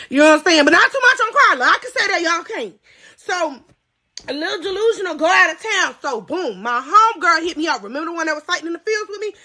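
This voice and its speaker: Live storytime host, woman, 30s, very high bright voice, loud outbursts and hushed asides. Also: fast talker. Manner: animated, swings from loud cries to low asides. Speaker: podcast storyteller.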